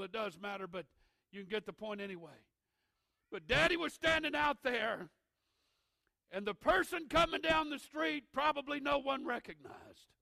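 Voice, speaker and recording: A middle-aged man preaching a sermon, swinging from shouted preaching to hushed intensity, with a gravelly voice. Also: high-pitched, no echo. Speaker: pastor.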